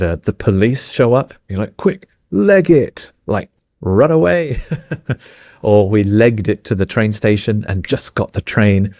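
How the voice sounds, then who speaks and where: A man with a British accent, co-hosting an English lesson and explaining casual phrases slowly with examples. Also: on the low side, darkish tone, dry recording. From England. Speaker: English teacher co-host. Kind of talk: casual teaching chat.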